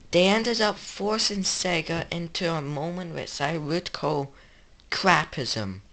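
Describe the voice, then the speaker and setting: Slow, low-voiced English woman rambling. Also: a bit bright. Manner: rambling, self-correcting, offhand. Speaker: video game channel host. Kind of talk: casual gaming retrospective commentary.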